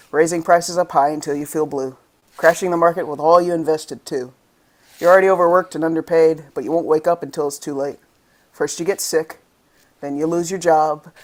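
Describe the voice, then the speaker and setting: Poet, from the United States, spoken word reading, rhythmic, impassioned, angry emphasis, mid pitch. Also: a little mellow. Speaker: guest poet.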